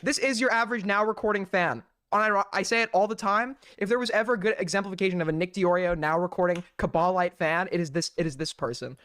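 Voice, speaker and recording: A man's voice: high voice, fast, few pauses, a bit bright, smooth. A man hosting a stream, reacting to a clip with sarcastic, laughing commentary and casual swearing. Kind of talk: mocking live commentary.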